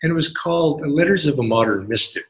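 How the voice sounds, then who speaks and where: A man giving a devotional talk as a spiritual teacher, telling a personal story in an animated way. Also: fairly high pitch, fast talker, poor audio. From United States. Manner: animated storyteller, acts out quotes in a raised voice.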